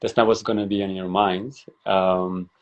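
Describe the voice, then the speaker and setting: Man, low voice, hesitant, reflective, many fillers, muffled lo-fi sound. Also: little pitch movement, moderate pace. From Afghanistan. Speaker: podcast guest. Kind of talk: casual conversation.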